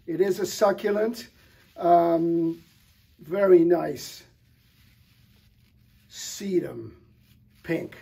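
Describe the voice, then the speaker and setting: A middle-aged man walks through a flower showcase with relaxed enthusiasm. His voice sits high for a man yet sounds warm and mellow, with a husky edge. He pauses often on fillers as he talks. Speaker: florist presenter. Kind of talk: product showcase talk.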